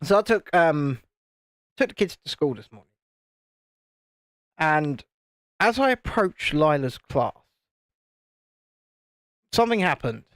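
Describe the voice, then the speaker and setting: Lively joking man chatting on a live stream. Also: a little high, slow, long pauses, no room sound, studio quality. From United Kingdom. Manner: joking, chatty, reads out viewer comments. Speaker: YouTube channel host. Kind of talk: casual live-stream chat while building.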